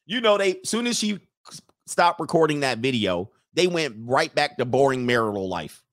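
A man riffs through a comedic reaction video, sarcastic and quick to laugh. His voice is close and dry, with no room sound around it. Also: mid-range voice, big pitch swings, a bit bright, dry recording. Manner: joking, sarcastic, laughs often. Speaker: reaction commentator.

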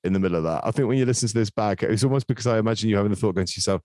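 Brisk low-voiced man hosting. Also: mellow, dry recording, clean studio sound. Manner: brisk, jokey, swears freely. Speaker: podcast host. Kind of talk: casual football podcast chat.

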